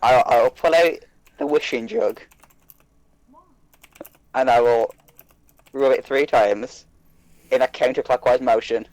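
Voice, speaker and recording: A man's voice: mid-range voice, expressive, a little slow, vocal fry, pauses often, a little mellow, dry recording, low-quality recording. A man with a West Midlands English accent, playing a tabletop game from home, playful and hesitant with many restarts. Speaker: player. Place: home, online session.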